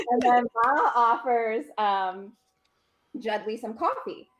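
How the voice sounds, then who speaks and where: A woman co-hosting a casual livestream, retelling a story in a lively, joking way and swearing casually. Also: fairly high pitch, slow. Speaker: co-host and storyteller.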